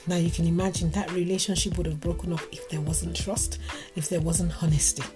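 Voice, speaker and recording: Animated woman telling a story. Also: fairly low pitch, fairly quick. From Africa. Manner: animated, acts out quoted dialogue. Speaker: speaker giving relationship advice. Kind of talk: storytelling talk. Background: music playing.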